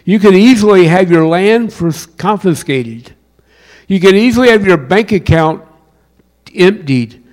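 Man, southern accent, pastor preaching, somewhat high voice, rising and dropping between loud and soft. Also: animated, unhurried. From South Carolina. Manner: preaching with wide swings in pitch and loudness. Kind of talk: sermon.

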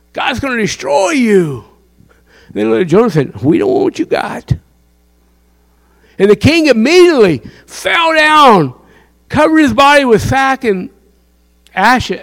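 A man's voice: sits high, fairly bright tone. A man preaching a sermon, impassioned and quizzing his listeners with questions. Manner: impassioned, asks the crowd questions.

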